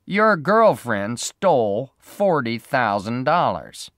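Man putting on a flat, slow detective. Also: mid-range voice, no room sound, clean studio sound, pitched above the performer's own voice. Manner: flat, slow, unfriendly, deliberate. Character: hard, unfriendly private detective man.

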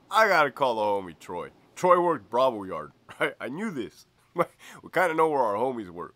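Man, former prison guard, casual storytelling, slangy, profane, laughs a lot, lively, bright. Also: medium pitch, normal speed, dry recording.

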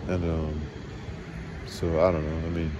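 Deep-voiced man venting with constant swearing. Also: level tone, a little slow, muffled recording, background noise. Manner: rambling, frequent swearing, agitated. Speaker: vlogger. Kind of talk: casual venting monologue.

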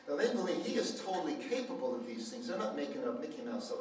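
A man's voice: on the high side, fast talker, hardly any pauses. A man preaching at a healing center, telling a story and acting out the dialogue. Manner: animated storyteller, acts out quoted dialogue. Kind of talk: sermon with storytelling. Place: church hall. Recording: echoey hall, mic far off, faint noise.

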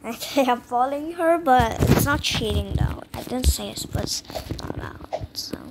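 A woman with a high, expressive voice offers jittery, dramatic commentary at a moderate pace while playing a horror escape game, sinking to whispers and leaping into squeals. It's casual gameplay talk, and the recording is very noisy.

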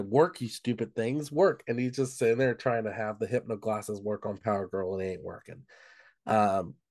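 A man's voice: mid-range voice, dry recording, clean studio sound. A man co-hosting a book club podcast, casually recapping the plot, leaning on "um" and "of course" as he goes. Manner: retells plot with frequent "um" and "of course".

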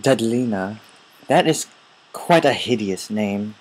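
A man voicing a stuffy English gentleman with a put-on English accent, talking in a prim, pompous way. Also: on the low side, expressive, slow, low-quality recording. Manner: prim, pompous, plays along.

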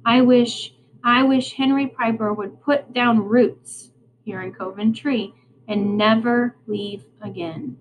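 A woman's voice: on the high side, steady tone, slow pace, lo-fi sound, a little hiss or hum. A woman voicing an earnest, lovesick young farm girl in a storybook, pleading and anxious.

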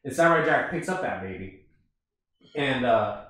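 A young man in his twenties chats as a podcast co-host, telling stories excitedly at an ordinary pitch. His voice rings around an echoey room, picked up from well off the mic. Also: moderate pace. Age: 20s. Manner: excitable, animated storytelling. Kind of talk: casual chat. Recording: roomy and distant.

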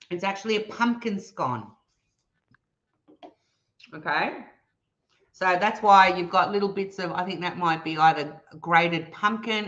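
An Australian woman hosting a casual live stream, reading viewer comments aloud in a playful, teasing and animated way. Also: lowish voice, highs cut off. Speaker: livestream host reading chat.

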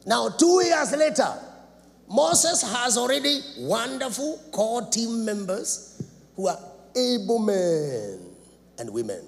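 A man preaching a sermon in a church, dramatic, swinging between loud shouts and low asides. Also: sing-song, takes it slowly, gravelly. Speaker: apostle preaching. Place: church sanctuary. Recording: reverberant church hall, faint background noise.

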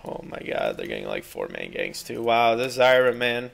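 Young man, gameplay commentary, gravelly, lively swings in pitch, frustrated and cursing. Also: moderate pace. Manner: frustrated, swearing, exclaiming. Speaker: gameplay streamer.

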